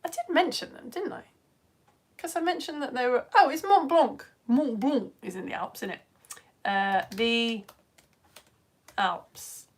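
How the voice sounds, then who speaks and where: Excitable British woman teaching kids science. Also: high-pitched, unhurried, pauses often. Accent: British English. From United Kingdom. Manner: chatty, excitable, self-mocking. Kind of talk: live-streamed lesson chatting with viewers.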